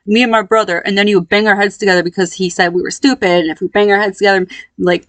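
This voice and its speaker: A woman in her thirties speaks candidly about her past in a calm, unhurried voice. Her pitch sits in the middle for a woman. The recording is dry and close, with no room sound. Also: no echo. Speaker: vlogger. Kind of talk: personal storytelling.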